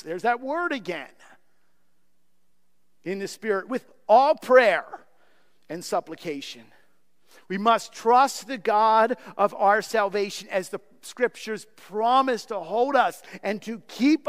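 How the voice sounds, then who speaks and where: Male pastor, high voice, earnest pleading sermon delivery, long hall reverb. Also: lively intonation, takes it slowly. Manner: earnest, pleading, repeats words.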